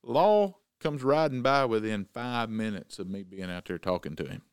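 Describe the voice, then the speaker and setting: A man hosting a casual chat, telling an animated story and acting out the voices. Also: on the low side, moderate pace, clear, resonant tone, dry recording, studio quality. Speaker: podcast host.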